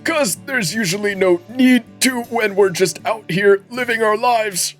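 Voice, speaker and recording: A friendly, talkative old village man, as a male streamer puts him on. He drags out his words in a folksy, easy ramble. The voice sits somewhat high for a man, with faint music playing underneath. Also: a bit bright. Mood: chatty. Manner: chatty, drawn-out, folksy. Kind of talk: game dialogue read aloud by a streamer.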